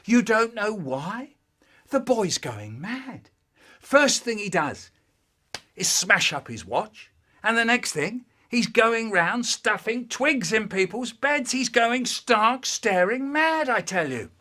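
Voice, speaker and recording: A man voicing an exasperated father who scolds in loud disbelief and repeats himself. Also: high-pitched, sing-song, takes it slowly, voice pushed up, heavily acted.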